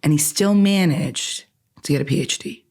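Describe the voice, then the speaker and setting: Here the Iranian-born lawyer speaks in a deep, creaky voice at normal speed. As a podcast guest in a conversational interview, she earnestly recounts her experiences, animated and chatty, tagging her points with "right?"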